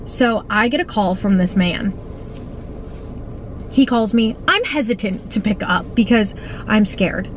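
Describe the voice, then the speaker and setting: A woman's voice: medium pitch, lively intonation, measured pace, long pauses, a little hiss or hum, poor audio. A young woman in her twenties chatting casually in a parked car, telling a story, swearing freely and acting out the quotes. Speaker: vlogger.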